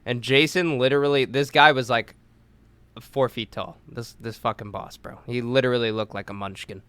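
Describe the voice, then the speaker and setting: A man's voice: medium pitch, fairly even intonation, moderate pace, fairly bright tone, smooth, dry recording. A young man telling a rambling story on a casual podcast, swearing freely and acting out quotes. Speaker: podcast co-host.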